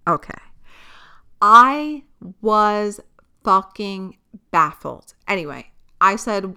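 A woman's voice: medium pitch, animated, slow, long pauses, sharp tone, clean tone. A young woman hosting a podcast, telling a personal story in a candid, exasperated way, swearing and laughing often. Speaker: podcast host. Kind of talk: casual storytelling monologue.

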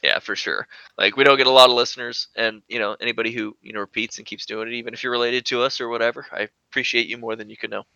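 Chill podcast dude, gravelly, cusses a lot, lo-fi mic sound. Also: male voice, medium pitch, steady tone, fast talker, hardly any pauses, pushed and bright, no echo. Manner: laid-back, swears often, laughs a lot. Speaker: podcast co-host. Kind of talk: casual chat.

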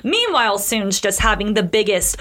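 A woman co-hosting a podcast, telling a history story in casual chat, animated and swearing often as she acts out the people in it. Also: medium pitch. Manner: animated, swears often, acts out characters in quick quoted voices.

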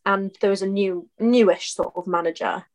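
A young woman in her twenties, middle-pitched, telling long casual stories. She rambles, often pausing on um and like. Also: fairly even intonation, darkish tone. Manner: rambling anecdotes with many ums. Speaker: podcast co-host. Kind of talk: casual chat.

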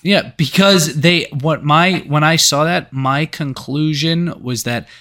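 A man's voice: on the high side, takes it slowly, background noise. A man co-hosting a movie review podcast, chatting casually with sarcastic, profane remarks. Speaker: podcast co-host.

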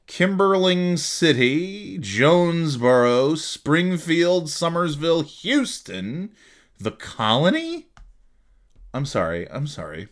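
A man's voice: a little high, big pitch swings, takes it slowly. A man hosting a podcast, casually reading out listener cities and joking around. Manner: reads out listener cities, jokey, tries silly accents. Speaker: podcast host. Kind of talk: casual solo podcast chat.

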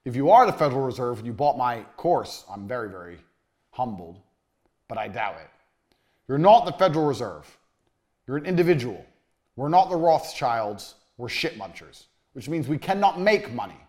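A man teaching a motivational business course. He talks bluntly, swears, repeats his points for emphasis and lets phrases sink to a low, trailing finish. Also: big pitch swings, normal speed, a little mellow. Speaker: course instructor.

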